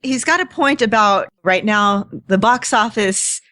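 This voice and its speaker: A woman's voice: mid-range voice, measured pace, sharp tone, dry recording. A woman co-hosting a podcast in casual chat, talkative and self-deprecating, often laughing. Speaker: podcast co-host.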